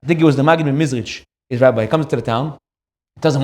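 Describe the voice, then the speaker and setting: A man giving a sermon as a rabbi, telling a story in an animated way and acting out the characters. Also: medium pitch, fast talker, echoey room.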